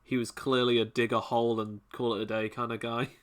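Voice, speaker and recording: A man's voice: medium pitch, level tone, fairly quick. A man running a tabletop game as game master, rambling and restarting as he makes rulings.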